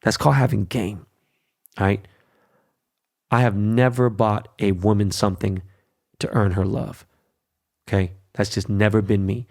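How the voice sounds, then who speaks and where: A brash, middle-aged man hosts his own podcast, talking straight into the mic in an off-the-cuff monologue at normal speed with long pauses. His voice is low, gravelly, and a little mellow. He's blunt and profane, hammering points with "right?" and "okay?"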